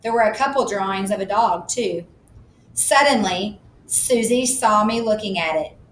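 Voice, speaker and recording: A woman's voice: medium pitch, normal speed, fairly bright tone, echoey room, slight background noise, poor audio. A woman narrating a first-person children's book in a plain, matter-of-fact storytelling manner. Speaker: audiobook narrator.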